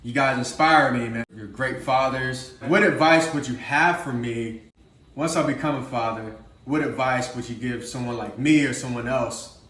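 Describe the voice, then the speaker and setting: A man's voice: mid-range voice, normal speed, a bit bright, roomy sound. A man hosting a casual discussion, earnest and asking his guests questions. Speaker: host.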